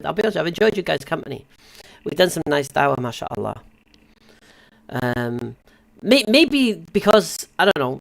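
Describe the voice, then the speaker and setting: A man with a gravelly, creaky voice hosts a casual live-stream chat. He talks in an easygoing, halting way, full of fillers and restarts, at an ordinary middle pitch. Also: a bit bright. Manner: easygoing, hesitant, lots of fillers. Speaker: host.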